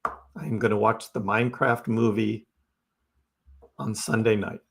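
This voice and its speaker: A middle-aged man with a fairly low, gravelly voice hosts a crypto livestream, speaking at a measured pace in a steady tone. He answers viewer chat casually, chatty and wry, cracking dry jokes and laughing often.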